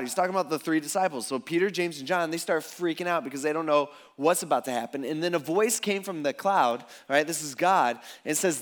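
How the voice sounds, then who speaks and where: A man's voice: on the high side, lively intonation, a little fast, a bit bright. A man preaching a sermon in a casual, conversational, jokey way. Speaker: pastor.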